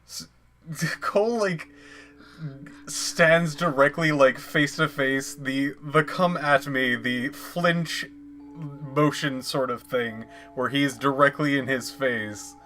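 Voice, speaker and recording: A man's voice: medium pitch, slow pace, sharp tone, soft background music. A man playing a tabletop role-playing game, laid-back and easygoing. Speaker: player.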